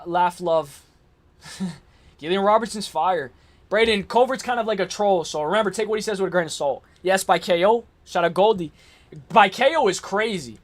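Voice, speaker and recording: High-voiced excitable streamer guy. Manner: slangy, excitable, reacts to chat. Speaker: livestream host making fight picks. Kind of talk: casual live-stream chat.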